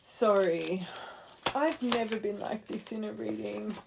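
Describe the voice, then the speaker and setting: A woman's voice: a little high, fairly even intonation, normal speed, gravelly, heavy background noise. A woman giving an earnest, heartfelt tarot reading, speaking straight to the viewer and rambling with fillers. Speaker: tarot reader. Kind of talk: intuitive tarot reading to camera.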